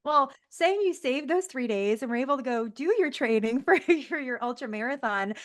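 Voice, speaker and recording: A woman's voice: sits high, expressive, normal speed, no room sound, studio quality. A woman hosting a podcast, asking questions in a casual, searching way with lots of fillers. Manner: searching for words, many fillers, friendly. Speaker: podcast host. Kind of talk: casual interview.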